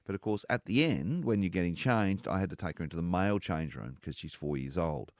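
A lowish male voice tells a self-deprecating story with deadpan timing. The sound is dry and close on a studio mic. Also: a little fast, no room sound. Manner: deadpan, self-mocking anecdote telling. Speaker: comedian guest. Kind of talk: comic storytelling.

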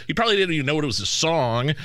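A man's voice: on the high side, lively intonation, very fast, pushed and bright, dry recording. A man co-hosting a political podcast, blunt and scornful in casual talk. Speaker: podcast co-host.

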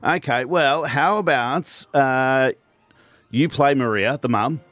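A man co-hosting radio, explaining in a halting way, full of fillers. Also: mid-range voice, fairly bright tone, no echo. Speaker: radio co-host. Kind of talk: casual radio banter.

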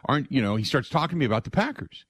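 Animated, rambling male sports radio host. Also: medium pitch, very fast, no echo, clean studio sound. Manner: excitable, rambling, lots of asides. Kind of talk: animated storytelling monologue.

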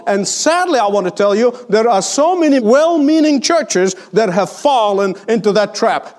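A man preaching a sermon as a pastor and Bible teacher, emphatic, asking rhetorical questions and repeating lines for stress. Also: extremely high pitch.

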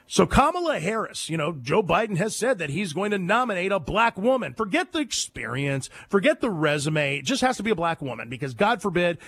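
Male talk radio host, high voice that swings widely, sarcastic opinionated monologue. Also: breathy edge. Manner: animated, sarcastic, jumps between loud and hushed.

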